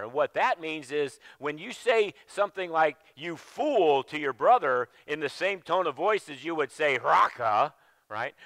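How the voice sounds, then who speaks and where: A male pastor preaching a sermon with emphasis, often dropping to a low, quiet voice and restarting his sentences. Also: no echo. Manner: repeats phrases and restarts mid-sentence. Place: church sanctuary.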